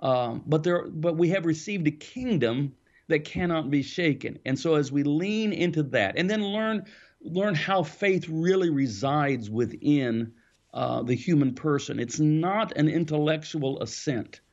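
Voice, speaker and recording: A man, an author being interviewed, explaining his ideas in a thoughtful, storytelling way with the odd soft laugh. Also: fairly high pitch, lively intonation, unhurried, muffled recording. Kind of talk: reflective interview answers.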